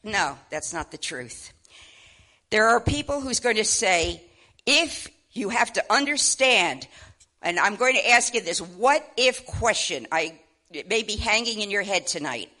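An older woman preaching a sermon, impassioned, swinging between loud exclamations and low asides. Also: expressive, unhurried. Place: church.

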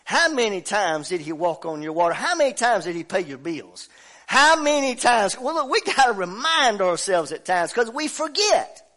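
A man preaching a sermon to a church congregation, fervent and rhythmic, swinging between shouted climaxes and quiet, low asides and calling out to the crowd for response. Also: very animated, moderate pace. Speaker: pastor. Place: church service.

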